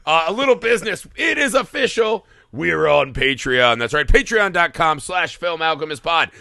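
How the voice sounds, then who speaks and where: Man, casual film podcast host, lively swings in pitch, enthusiastic, swears casually. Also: moderate pace, vocal fry, no echo, studio quality.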